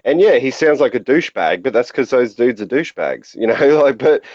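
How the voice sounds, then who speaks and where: A man rambles through a casual podcast chat, full of opinions and fillers. His voice sits at an ordinary pitch. The sound is dry and a little dull. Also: animated, a little fast, a little mellow, dry recording. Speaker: podcast co-host.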